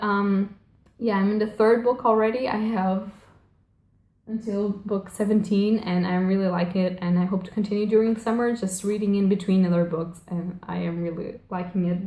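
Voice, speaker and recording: A woman's voice: medium pitch, darkish tone. Rambling young woman in an echoey room. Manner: rambling, gushing, self-correcting, frequent fillers. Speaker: book vlogger. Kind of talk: casual chat.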